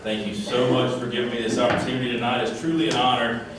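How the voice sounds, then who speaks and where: A man's voice: medium pitch, little pitch movement, fast talker. Sincere man presenting an award, echoey. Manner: sincere, with many fillers. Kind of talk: prepared award speech. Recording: echoey hall, distant mic, room noise.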